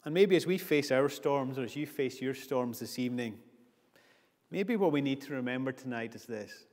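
A man's voice: mid-range voice, animated, normal speed, a little mellow. Earnest preacher man in an echoing church. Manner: earnest, builds with repeated phrases. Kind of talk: sermon. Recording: long church reverb.

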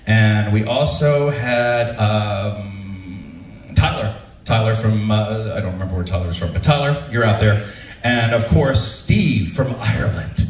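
A male comedian telling stand-up stories in an animated way, often laughing at his own material. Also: on the low side, a little slow. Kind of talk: stand-up storytelling. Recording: roomy, from far off.

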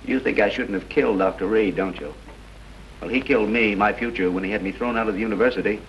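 A man's voice: on the low side, close to an everyday voice. A man playing a cold, unhinged killer. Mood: bitter. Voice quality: calm and measured, breaking into mocking laughter. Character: vengeful man unmasked as the killer, coldly unhinged. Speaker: villain. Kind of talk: 1930s film acting. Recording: dull, hissy 1930s film soundtrack.

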